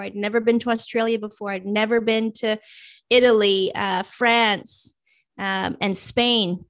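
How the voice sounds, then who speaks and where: Middle-aged woman, higher-pitched voice, storytelling guest, animated and expressive. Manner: animated, acts out her own past thoughts. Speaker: guest telling her career story. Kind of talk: personal storytelling.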